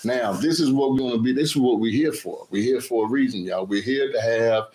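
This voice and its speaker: A man's voice: mid-range voice, brisk, a little mellow, rough recording. A man hosting his cooking channel's live stream, chatting casually, greeting viewers by name and repeating his phrases over and over.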